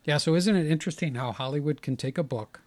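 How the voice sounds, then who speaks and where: A man's voice: fairly high pitch, fast, darkish tone. A middle-aged man co-hosting a casual film chat, dry and wry, tossing in jokey asides. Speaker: podcast co-host.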